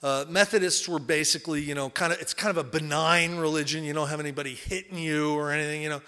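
A man from New Jersey shares his story at a recovery meeting. His voice sits high and sounds bright and forceful. He talks candidly and rambles, with plenty of fillers and repeated words. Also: steady tone, quick pace, clean tone. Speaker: recovery speaker. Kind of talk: personal testimony talk.

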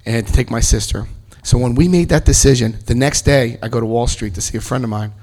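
Middle-aged guy telling his life story in a speech, animated, acts out voices, gets loud and excited. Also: mid-range voice, fast talker. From New Jersey, US. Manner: animated storyteller acting out other people's lines, bursts of loud excitement.

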